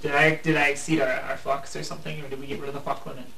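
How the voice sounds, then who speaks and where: Bright-voiced joking guy, far from the mic. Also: mid-range voice, level tone, very fast, creaky. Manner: joking, swears freely, laughs often. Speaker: podcast co-host. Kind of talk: casual podcast chat. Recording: echoey room, distant mic, faint hiss.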